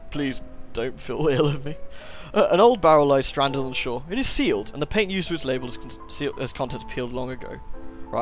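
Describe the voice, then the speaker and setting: A man narrating his game run in a casual, chatty way, poking fun at himself as he thinks aloud. His voice sits at a middle pitch, with faint music underneath. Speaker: let's-play gamer. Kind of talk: casual gameplay commentary.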